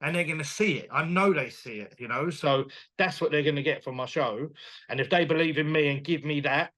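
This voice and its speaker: A man, a boxing promoter chatting as a guest in an interview, animated and quick to laugh. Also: fairly high pitch. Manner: animated, enthusiastic, laughs often, retells dialogue. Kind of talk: casual interview chat.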